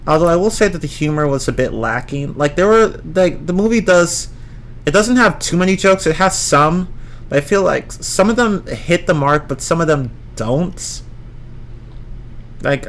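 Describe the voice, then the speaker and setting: A young man with a fairly high, animated voice speaks at normal speed, with a little hiss or hum in the audio. Hosting a livestream, he rambles casually through a film review, often restarting sentences, occasionally swearing and reacting to chat.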